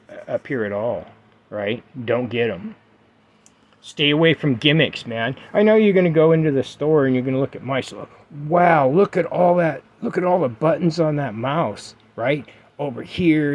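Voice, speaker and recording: Middle-aged dude vlogging gear tips, repeats himself a lot, lots of ums, pretty emphatic. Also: male voice, mid-range voice. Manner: emphatic, repetitive advice-giving with fillers. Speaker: gaming vlogger. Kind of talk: casual vlog talk to camera.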